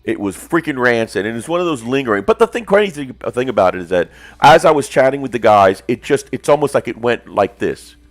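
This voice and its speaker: A man in his fifties chatting casually on a hobby stream, telling stories and acting out the quotes loudly. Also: medium pitch, brisk, few pauses, no echo, soft background music. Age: 50s. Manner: animated storyteller, acts out quotes loudly. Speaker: stream co-host. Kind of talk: casual chat.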